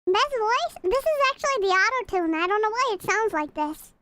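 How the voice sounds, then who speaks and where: A woman voicing a slime through a voice changer, with a squeaky, synthetic sound and a playful way of testing the voice. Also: lively intonation, moderate pace, very noisy. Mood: teasing. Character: a high-pitched slime creature. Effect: voice changer pitch shift.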